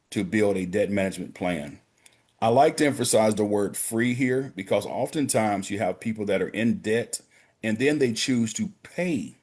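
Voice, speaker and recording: A man who works as a banker, giving a practical financial literacy talk on a prayer call and speaking directly to his listeners as gentlemen and brothers. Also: on the low side.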